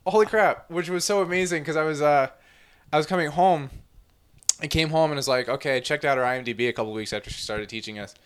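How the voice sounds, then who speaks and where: A young man co-hosting a casual podcast chat, excitable and geeky, quick to laugh. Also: a little high, clean tone. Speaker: podcast co-host.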